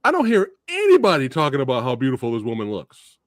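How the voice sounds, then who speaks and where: A man hosting a casual movie discussion show, excitable and laughing often as he talks. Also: mid-range voice, quick pace, no room sound, clean studio sound. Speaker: podcast host.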